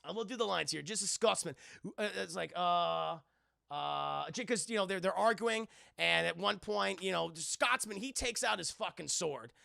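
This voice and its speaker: Brief: male streamer, casual profane recap, high-ish pitch, very gravelly and bright, dry sound. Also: normal speed, dry recording. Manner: profane, excitable, talks to chat. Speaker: streamer reviewing a cartoon. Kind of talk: casual livestream commentary.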